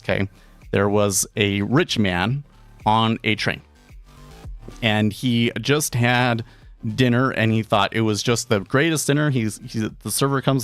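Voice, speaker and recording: A man's voice: medium pitch, no room sound. A man who runs a day trading stream, chatting casually and rambling through an anecdote, raising his voice to act out the people in it. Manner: rambling storyteller, acts out quoted characters with a raised voice. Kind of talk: casual live-stream chat.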